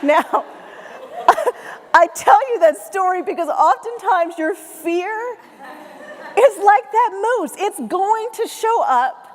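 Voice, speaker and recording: A woman tells a motivational story to a live audience, acting out the voices of her family along the way. Her voice sits high and bright. It rings out with a long reverb through a large hall. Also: expressive, slow. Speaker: keynote speaker.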